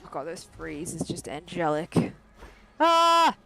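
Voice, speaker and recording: A therapist streaming a video game, talking to themselves and to chat in frantic, joking bursts with sudden yelps and mock-calm reassurances. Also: medium pitch, brisk. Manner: self-mocking, joking calm under pressure. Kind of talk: live gameplay commentary with chat.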